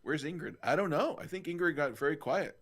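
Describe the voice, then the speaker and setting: A man's voice: on the high side, lively intonation, a little fast, a bit bright. Teasing man in a casual group chat. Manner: playful, teasing, loose. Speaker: co-host. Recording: video call audio.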